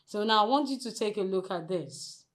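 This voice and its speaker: A woman with a Nigerian English accent teaching a phonics lesson, drilling sounds slowly and asking the class to repeat after her. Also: medium pitch, expressive. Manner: slow, deliberate drilling, stretching model sounds loudly.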